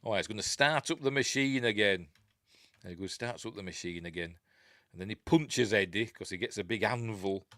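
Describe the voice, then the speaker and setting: A man's voice: fairly low pitch, moderate pace, bright, forceful tone, no room sound, studio quality. A man with a Yorkshire accent hosting a casual film review, rambling, chuckling and often losing his place.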